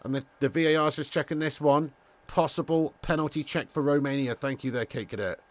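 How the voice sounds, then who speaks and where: A man hosting a live football watch-along, chatting casually to viewers, swearing freely, and getting loud when calling goals. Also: a little high, a little fast, no room sound. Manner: casual, laddish, swears freely, calls viewers mate and lad. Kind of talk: live streamed football commentary and chat.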